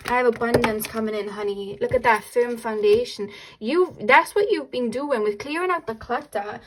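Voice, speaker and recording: A woman's voice: a little high, quick pace, a little hiss or hum, rough recording. A young woman doing a casual tarot reading, chatty and upbeat, often trailing off and restarting. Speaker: tarot reader.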